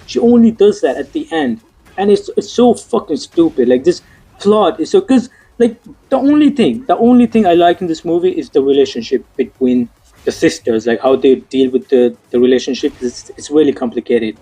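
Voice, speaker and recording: A man's voice: on the high side, expressive, normal speed, dark tone, slightly rough, low-quality recording. A young man giving a casual, frustrated movie review, swearing often and stumbling over fillers and restarts.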